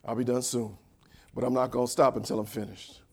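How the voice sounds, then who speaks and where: A male pastor preaching a sermon, who swings from quiet asides to shouted, drawn-out lines and leads the congregation in reading scripture aloud. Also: medium pitch, flat delivery, creaky, breathy edge.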